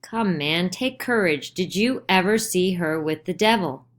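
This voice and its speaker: A woman's voice: fairly low pitch, expressive, a little slow. A woman voicing a stern older male judge who questions urgently and insistently in a dramatized play reading. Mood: pressing.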